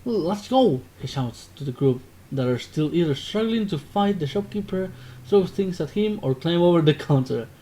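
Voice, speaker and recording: A man's voice: a little high, expressive, moderate pace, hardly any pauses, mellow. A man casually narrating a text game aloud, often stopping to correct himself. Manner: casual, self-interrupting narration. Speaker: gaming video creator.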